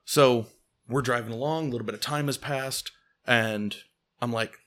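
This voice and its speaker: A man hosting a podcast, telling a comedic story with growing excitement. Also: mid-range voice, moderate pace. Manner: animated, gets loud and laughing at the climax. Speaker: podcast host.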